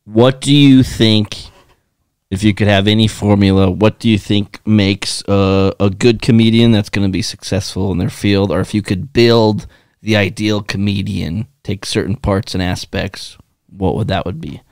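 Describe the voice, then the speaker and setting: A man's voice: fairly low pitch, fairly even intonation, moderate pace, a little mellow, clear, resonant tone, no echo, studio quality. A man co-hosting a podcast, asking questions in a friendly, teasing way. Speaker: podcast co-host. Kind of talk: casual podcast chat.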